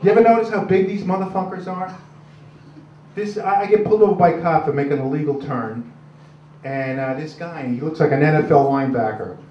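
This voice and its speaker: Speaking briskly at a fairly high pitch, a man in his 60s delivers crude, rambling stand-up in a club, gruff and full of "uh"s. A little hiss or hum sits under the dull, distant, roomy recording.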